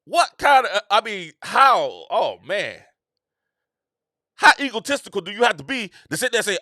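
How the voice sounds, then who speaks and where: Emphatic, high-voiced man riffing on the show. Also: big pitch swings, normal speed, bright, forceful tone, no echo, clean studio sound. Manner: repetitive, emphatic, slangy and conversational. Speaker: show host. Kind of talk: casual commentary monologue.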